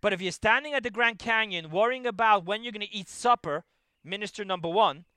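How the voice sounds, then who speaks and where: Animated high-voiced man giving a Torah lecture. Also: a little fast, clear, resonant tone, no echo. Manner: animated storytelling, swings from loud emphasis to hushed asides. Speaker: rabbi lecturer.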